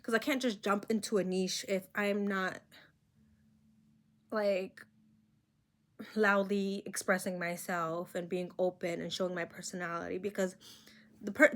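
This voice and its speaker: A woman's voice: medium pitch, fairly even intonation, unhurried. A young woman vlogger with a slight accent of her own, talking to her camera in a rambling, candid and self-conscious way. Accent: own non-American accent. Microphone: camera mic.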